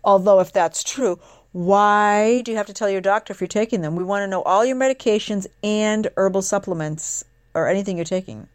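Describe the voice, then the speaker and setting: A woman hosting a casual talk show, rambling and sarcastic with quick asides. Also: mid-range voice, smooth, dry recording. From northeastern United States. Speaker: host. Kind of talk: casual chat.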